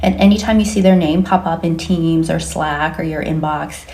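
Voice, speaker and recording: A woman with a mellow, warm tone runs down a list in a wry explainer style. Her voice rings in an echoey room. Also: deep voice, moderate pace. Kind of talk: explainer to camera.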